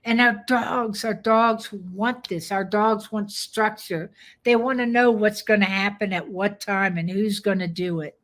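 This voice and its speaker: An older woman dog trainer giving a live webinar pitch, firm, direct and plainspoken. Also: unhurried, fairly bright tone.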